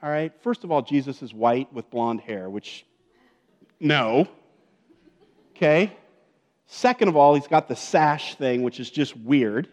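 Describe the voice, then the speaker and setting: A man's voice: medium pitch, expressive, unhurried, pauses often, darkish tone. Guy pastor preaching loose and chatty, keeps asking "right?", long church-hall echo. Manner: chatty, joking asides, keeps checking in with "okay?" and "right?". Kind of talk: conversational sermon. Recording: long reverb of a large hall.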